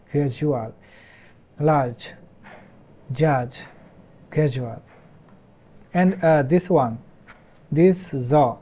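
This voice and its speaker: A Bangla-speaking man from Bangladesh, with a Bangladeshi accent, gives an explanatory lesson on English pronunciation, speaking haltingly and repeating each sound many times. His medium-pitched voice is mellow with a breathy edge.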